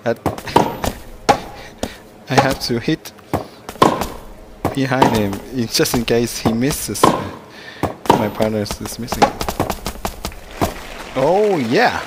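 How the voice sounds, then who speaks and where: Slow, excitable man over loud noise. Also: mid-range voice. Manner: excitable, frequent exclamations, self-critical. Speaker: mobile game let's-play host. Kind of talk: live gameplay commentary.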